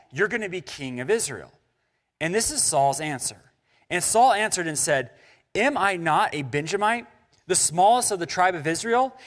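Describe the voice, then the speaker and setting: A man's voice: high-pitched, long reverb tail. A male pastor preaching a sermon, reading scripture and acting out biblical characters in casual, chatty voices. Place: church sanctuary.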